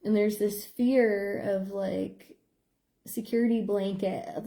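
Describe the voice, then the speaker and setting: Slow and steady, with a dark tone, this middle-aged psychotherapist and behavior analyst rambles through a filler-heavy, stream-of-consciousness monologue. She throws in playful squeak sound effects.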